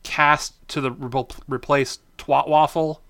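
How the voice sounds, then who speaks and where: Man, casual podcast banter, blunt and crude, bright tone, slightly high voice. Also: little pitch movement, slight background noise. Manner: blunt, crude jokes, drawn-out delivery. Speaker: podcast co-host. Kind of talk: casual chat.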